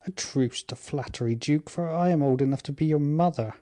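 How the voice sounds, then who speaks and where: A man reading an aging queen, gently stern. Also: mid-range voice, moderate pace, natural voice. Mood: gentle.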